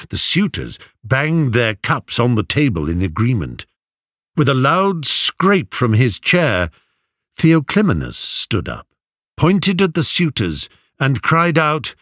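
A man narrating an audiobook in a measured, expressive reading, recorded close. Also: medium pitch, no room sound. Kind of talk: audiobook storytelling.

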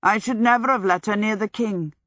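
A woman's voice: mid-range voice, brisk, fairly bright tone, no echo, clean studio sound, voice pushed up, close to an everyday voice. A woman doing a vain, dramatic young wizard. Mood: amused. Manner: theatrical, irritable.

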